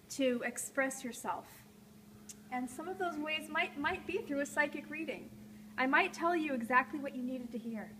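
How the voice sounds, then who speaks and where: Woman host, high voice, playful, rambling, noisy live gallery stream. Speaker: host of a live call-in art show. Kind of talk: live stream chat while drawing. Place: art gallery, indoors.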